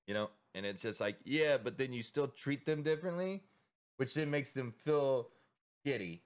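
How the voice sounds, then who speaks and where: A man's voice: mid-range voice, animated, moderate pace. A man co-hosting a podcast, talking in a loose, rambling way with lots of swearing and acted-out quotes. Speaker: podcast co-host. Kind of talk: casual chat.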